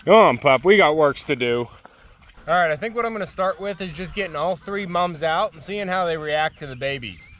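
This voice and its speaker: A man on a farm outdoors, gently and playfully coaxing his animals in casual talk. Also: fairly high pitch, animated, fairly quick, background noise. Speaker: homestead vlogger.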